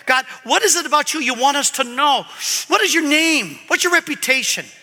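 A man with a very high, piercing bright voice preaches a sermon, animated and swinging between loud emphasis and quiet asides. His voice rings with a long hall reverb. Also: fairly quick. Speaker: pastor.

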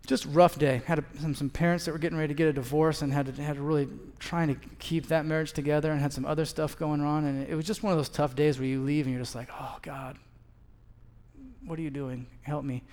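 A man's voice: fairly high pitch, flat delivery, fast, few pauses, darkish tone. A man in his thirties preaching a sermon as a pastor, telling a story and acting out both sides of the conversation. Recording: long hall reverb.

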